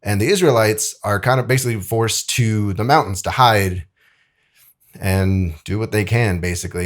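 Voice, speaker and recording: A man's voice: lowish voice, moderate pace. Young guy talking about the bible, super casual, says like a lot, reads verses out. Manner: loose and chatty, many "like"s, acts out quotes. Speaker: video editor presenting a Bible lesson. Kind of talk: casual Bible talk and scripture reading.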